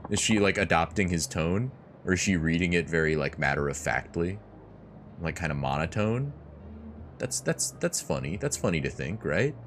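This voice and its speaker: Lively chatty let's play guy. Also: deep voice, normal speed, a little hiss or hum. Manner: chatty, filler-heavy, giggly asides. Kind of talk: casual gameplay commentary.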